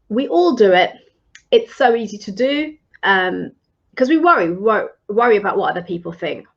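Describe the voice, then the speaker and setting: A woman leadership coach speaks to her live-stream viewers in a mid-pitched, encouraging and conversational way. She often restarts her phrases as she talks. Her voice comes through slightly dull, lo-fi stream audio.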